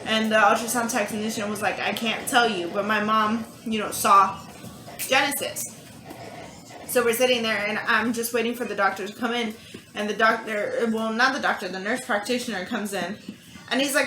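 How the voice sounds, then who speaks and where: A young woman telling a personal story in casual chat, animated and quick to act out what others said. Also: a little high. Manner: chatty, animated, acts out quotes. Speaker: vlog co-host, mother. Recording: echoey room with music behind.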